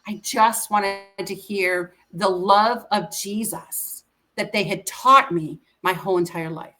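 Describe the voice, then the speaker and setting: Middle-aged woman guest, bright voice, heartfelt and earnest, retells conversations. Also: mid-range voice, steady tone, slow, faint music behind. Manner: earnest, emotional, quotes others in conversation. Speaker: interview guest. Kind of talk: personal storytelling.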